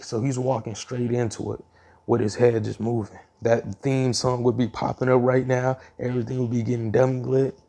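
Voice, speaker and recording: Telling a fan story off the cuff, a man rambles, restarts often, and fills gaps with ums while keeping a casual tone. His gravelly, mellow voice is mid-range, with little pitch movement and a moderate pace.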